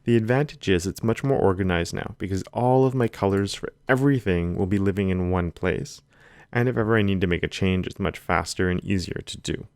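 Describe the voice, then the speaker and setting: A man with a very low voice walks through a coding tutorial in an easy, conversational way, thinking aloud as he types. The sound is close and dry, with keyboard clicks underneath. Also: brisk, creaky, clean tone, no echo. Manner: relaxed, talks while typing code. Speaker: coding instructor. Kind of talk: screen-recorded coding tutorial. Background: keyboard typing.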